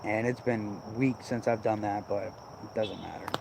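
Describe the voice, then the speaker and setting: A man's voice: fairly low pitch, fairly even intonation, normal speed, creaky, noisy background. A man vlogging in a casual, rambling way, swearing freely and sounding irritated as he goes off on tangents. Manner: profane, rambling, irritated ranting.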